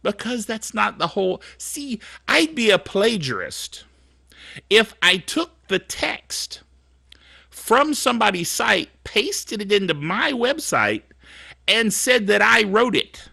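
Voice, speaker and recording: A man's voice: high voice, very animated, takes it slowly, creaky, pushed and bright, dry recording, clean studio sound. A middle-aged man hosting a tech show, talking in a casual, digressive, self-mocking monologue.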